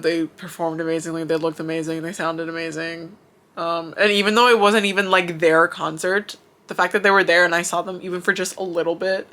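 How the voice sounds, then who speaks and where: Gushing young teary vlogger, bright voice. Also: medium pitch. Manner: gushing, filler-heavy, rambling with many likes. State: teary, emotional. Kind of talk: emotional fan vlog talk to camera. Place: in Japan.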